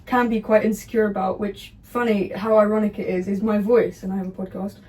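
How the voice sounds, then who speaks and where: A young woman co-hosting a casual podcast chat, cutting in with quick, teasing remarks. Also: mid-range voice, flat delivery, dark tone, recorded from a distance, rough recording. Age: teens to young adult. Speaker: podcast co-host, daughter. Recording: voice a bit off-mic with faint noise.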